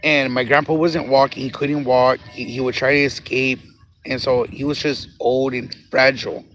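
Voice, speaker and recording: A man's voice: medium pitch, flat delivery, normal speed, a bit bright, slight background noise. A man on a phone livestream outdoors at a cemetery, telling a personal story casually, laughing often, repeating phrases and getting emotional. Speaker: livestream host.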